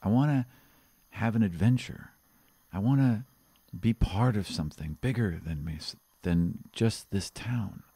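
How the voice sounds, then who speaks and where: A man voicing a restless young male town guard who talks in a wistful, low-key way. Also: unhurried, dark tone, husky, no echo.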